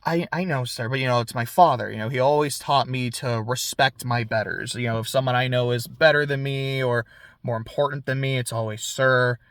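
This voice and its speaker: A man voicing a timid, earnest teenage boy who answers softly and very politely. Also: fairly high pitch, expressive, measured pace, dry recording, studio quality. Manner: polite, soft, careful.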